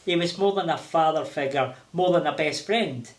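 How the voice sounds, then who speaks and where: An older man with a Glaswegian accent, telling lively stories with laughter as an interview guest. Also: a little high, moderate pace. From Scotland. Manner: animated, laughing, acting out voices. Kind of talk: casual storytelling. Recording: roomy echo.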